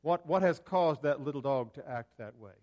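A man preaching a sermon, building to loud emphatic peaks and dropping low and slow. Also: lively intonation, highs cut off.

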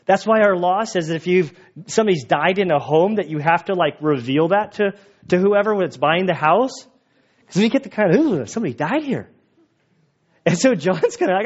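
A man's voice: high-pitched, animated, moderate pace, highs cut off. A man preaching a sermon, retelling scripture casually and playfully, acting out lines of dialogue. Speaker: pastor.

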